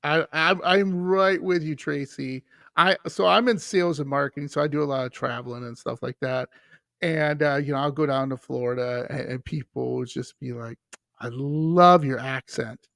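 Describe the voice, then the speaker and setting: A man's voice: medium pitch, normal speed, gravelly, no echo, clean studio sound. A man, a podcast guest telling stories in casual chat and acting out the people he quotes. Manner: animated storyteller who acts out quoted voices.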